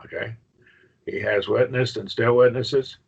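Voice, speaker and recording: A man's voice: medium pitch, fairly even intonation, a little slow, gravelly, husky, lo-fi sound. A man teaching a Greek grammar class online, patient and questioning, with frequent okays.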